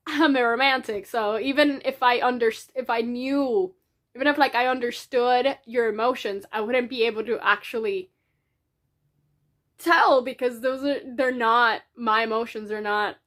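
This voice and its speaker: A young woman speaks into her camera in a casual diary vlog, her fairly high voice tearful as she cries. She rambles and stops herself often, restarting her sentences. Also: a bit bright. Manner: rambling, halting, frequent restarts and fillers. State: tearful, crying. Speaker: vlogger. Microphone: camera in front of her.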